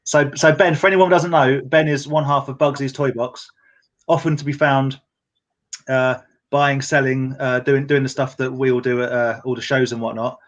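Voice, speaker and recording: A man's voice: mid-range voice, steady tone, muffled recording. A man co-hosting a toy collectors' live show over a video call, teasing and joking in casual banter. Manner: quick, jokey, teasing.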